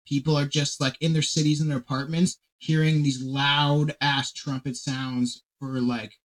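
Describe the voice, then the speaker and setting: A man hosting a podcast in casual chat, rambling and excitable and swearing a lot. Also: fairly high pitch, measured pace, poor audio. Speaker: podcast host.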